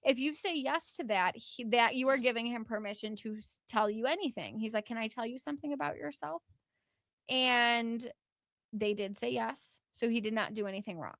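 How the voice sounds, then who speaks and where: Telling a story on her podcast, this woman keeps things casual and lively, using plenty of fillers and performing the quotes. She speaks at a normal pace in a higher voice, with no room sound.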